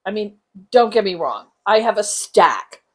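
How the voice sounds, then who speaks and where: A woman's voice: medium pitch, very animated, unhurried. A middle-aged woman co-hosting a casual craft chat with her grown daughter, teasing in a snarky, matter-of-fact way. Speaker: co-host, the host's mother.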